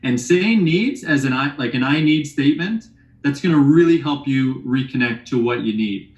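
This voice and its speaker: A man's voice: medium pitch, animated, normal speed. Man teaching a workshop in an echoey room. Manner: conversational, teasing rhetorical questions. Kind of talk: relationship workshop talk.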